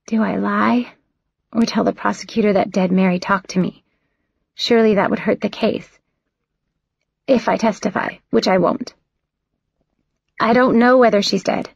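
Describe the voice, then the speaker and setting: A woman's voice: mid-range voice, gravelly, no room sound. A woman giving first-person audiobook narration with a wry, inward storytelling manner. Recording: dull, dry studio recording.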